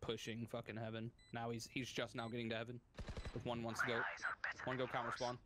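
A man giving quick tactical callouts and griping about teammates during an online game on a headset mic. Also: mid-range voice, monotone, noisy background. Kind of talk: casual gaming callouts.

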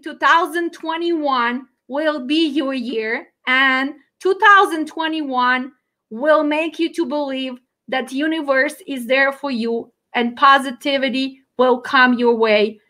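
Lady dispatch teacher on a live stream, bright clear voice, gets emotional, cheers her students on. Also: high voice, slow. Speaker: dispatch trainer and channel host. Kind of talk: casual livestream talk to students.

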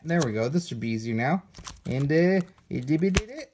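A man's voice: fairly high pitch, very animated, normal speed, fairly bright tone, breathy edge. A man hosting a toy unboxing, chatting casually with playful jokes and asides. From United States.

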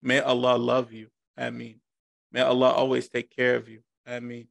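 A man with a deeply gravelly, creaky voice runs an online class over a video call. He talks casually and jokes, circling back to repeat his lines. The sound is dry and close. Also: monotone, normal speed, no echo. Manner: informal, joking, repeats himself. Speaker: class instructor.

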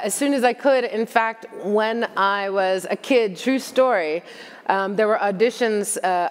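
A middle-aged woman from the United States talks at a conference in a candid, chatty way. Her voice sits at an ordinary pitch for a woman. The hall leaves a long reverb trailing behind her. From United States (Long Island). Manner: candid, chatty, self-mocking. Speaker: conference speaker. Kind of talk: conference talk with Q&A.

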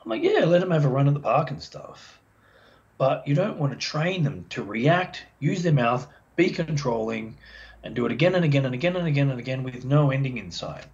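A man, a dog behaviour expert, explaining as a podcast guest in a chatty, animated way and acting out the voices of dog owners. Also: mid-range voice, a little fast. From Australia. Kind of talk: casual podcast interview. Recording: dull lo-fi sound.

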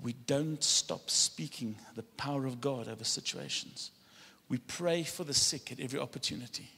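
A man's voice: mid-range voice, normal speed, pushed and bright, husky. A man preaching a sermon as pastor, rousing his congregation to join in spoken declarations. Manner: rousing, leads congregation in call-and-response declarations. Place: church sanctuary. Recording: church hall with long reverb.

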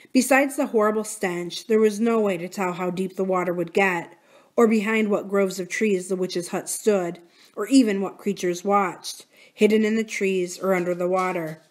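A woman reading a children's novel aloud in a library storytime series, with expressive, dramatic delivery. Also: mid-range voice.

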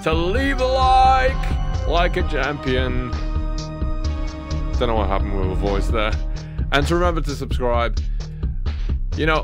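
A man playing a horror game on video, thinking out loud, startling easily and swearing when scared, then thanking viewers. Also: mid-range voice. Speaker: let's play gamer.

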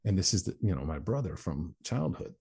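A man in his forties, a motivational speaker appearing as an interview show guest, candidly tells his life story and acts out other people's voices. His deep voice is gravelly, mellow and husky, swinging widely in pitch at a brisk pace.

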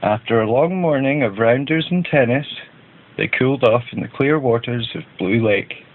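A man narrating a children's storybook in a gentle, even read-aloud manner. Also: mid-range voice, moderate pace, a little hiss or hum. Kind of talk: storybook reading. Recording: tinny phone-like band.

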